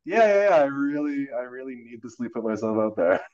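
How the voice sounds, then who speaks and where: A man's voice: medium pitch, sing-song, brisk, a little mellow, highs cut off. A man, an actor guest in a casual interview, telling stories animatedly with many fillers and acting out quoted dialogue.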